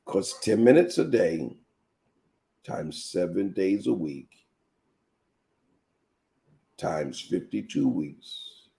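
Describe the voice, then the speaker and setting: A man hosting a live teaching show as a pastor, telling animated personal stories and speaking straight to his viewers. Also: low-pitched, extremely slow, creaky, long pauses.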